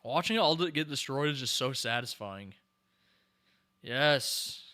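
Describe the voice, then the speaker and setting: A young man with a bright, forceful voice gives casual running commentary on a film he is watching. He is excitable and keeps exclaiming and talking back at the screen. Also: mid-range voice, unhurried. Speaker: podcast host. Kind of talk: casual movie reaction commentary.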